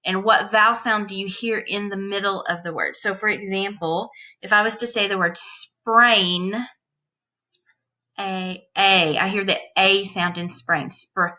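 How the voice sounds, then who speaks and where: A woman teacher leading a phonics lesson for young children, sounding out each phoneme slowly, clearly and deliberately. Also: medium pitch, fairly even intonation, pushed and bright, lo-fi sound.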